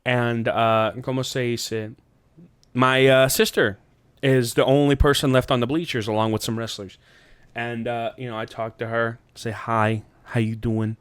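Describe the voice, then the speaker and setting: Smooth-voiced man rambling through a story. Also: steady tone, moderate pace, no echo. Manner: rambling, profane, laughs often, jumps up in pitch for quoted lines. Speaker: podcast host. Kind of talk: casual chat, telling a dream story.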